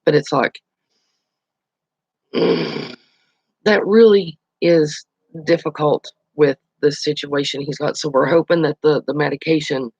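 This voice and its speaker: A man's voice: on the high side, vocal fry, dry recording, dull audio. A man hosting his own channel, chatting casually on a live stream, telling stories and answering viewer comments. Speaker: channel host.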